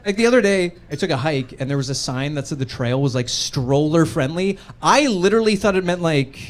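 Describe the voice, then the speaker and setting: A young man from Canada performing a stand-up set in a comedy club, talking in an animated way and jumping into acted-out voices. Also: a little high, fairly quick, a little hiss or hum. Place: comedy club stage with a laughing crowd.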